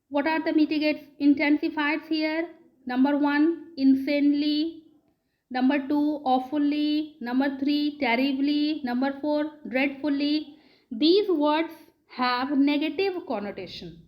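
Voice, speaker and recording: A woman gives a grammar lesson in a high voice. She speaks slowly and deliberately, repeating key words and quizzing her class as she goes. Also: muffled recording. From India. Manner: slow, repeats words and asks the class questions. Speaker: English teacher.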